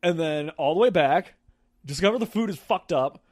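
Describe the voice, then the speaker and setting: Young male podcast co-host, profane casual storyteller, higher-pitched. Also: expressive, normal speed, a little mellow, no room sound, studio quality. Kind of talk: casual chat.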